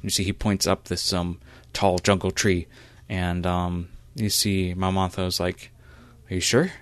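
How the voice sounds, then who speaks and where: A man narrating a role-play as game master, halting with many fillers. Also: deep voice, monotone, clean tone, no room sound.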